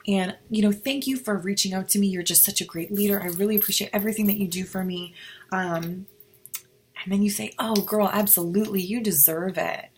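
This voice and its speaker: A woman's voice: medium pitch, brisk, a little mellow, a little hiss or hum. A woman giving casual motivational advice to her team, acting out both sides of the conversations she describes. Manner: chatty, role-plays both sides of conversations.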